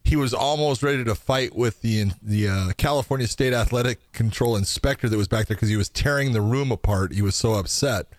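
Co-host, male, excitable and profane, casual chatter, dry recording. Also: mid-range voice, brisk, hardly any pauses, no echo. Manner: loose, profane, excitable with lots of fillers. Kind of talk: casual podcast chat.

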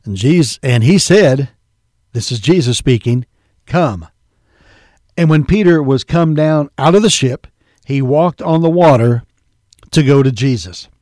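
In a clean, dry studio recording, a man gives an earnest sermon, reading King James scripture aloud and speaking to his listeners as "folks" and "believer." His voice is medium-pitched, a little mellow, at a moderate pace.

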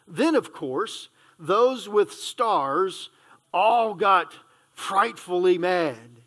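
Male pastor reading a children's book aloud, slow and playful, with asides. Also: sits high, animated, fairly bright tone. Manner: reads slowly and playfully, stumbling and correcting himself, adding asides.

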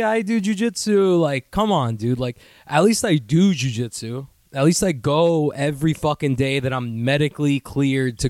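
Young guy ranting on his podcast, swears a lot, kinda high voice, dry close sound. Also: dry recording. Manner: profane, rambling, self-mocking, does mocking high voices. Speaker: podcast host. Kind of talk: casual solo podcast rant.

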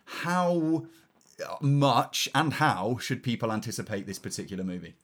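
A man's voice: lowish voice, fairly quick, a bit bright, breathy edge. A man co-hosting a film review podcast, wry and articulate, moving between read synopses and loose chat. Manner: wry, articulate, with fillers and restarts.

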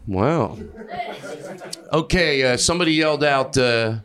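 A man doing improvised stand-up comedy on a club stage, rambling, self-mocking and profane, high on an edible. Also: animated, a little fast, a crowd in the background.

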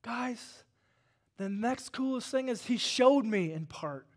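A man in his forties, a pastor, preaching a sermon with dynamic swings from hushed to loud and fervent. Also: very high voice, expressive, slow.

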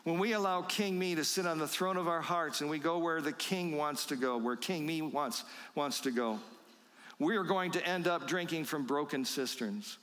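Male pastor, sermon delivery, slightly high voice, slow emphatic rhetorical questions, reverberant hall. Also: a bit bright.

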